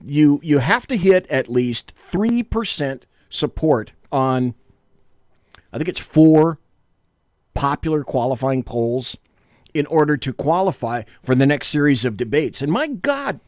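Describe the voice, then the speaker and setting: A man's voice: on the high side, sing-song, unhurried, a little mellow, dry recording. A man co-hosting a casual political talk show from a small studio, rambling and jokey, often correcting himself. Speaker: podcast co-host.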